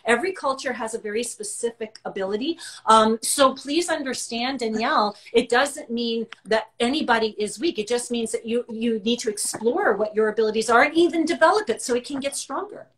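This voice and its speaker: A woman's voice: a little high, fairly quick, hardly any pauses. A woman psychic hosting a live-stream talk, reassuring her audience and reading out viewer comments. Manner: warm, reassuring, reads viewer comments aloud. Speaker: psychic and show host.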